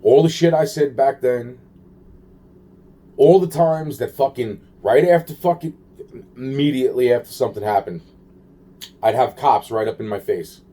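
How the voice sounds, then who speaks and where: A man's voice: medium pitch, moderate pace, long pauses, mellow. A man rambling to camera in a profane, agitated monologue, repeating himself and trailing off.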